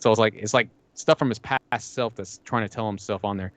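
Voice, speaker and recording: This man co-hosts a podcast and chats loosely about games, quoting lines from them and swearing a lot as he rambles on. His voice sits on the low side, steady in tone, fast and hardly pausing, with no room sound.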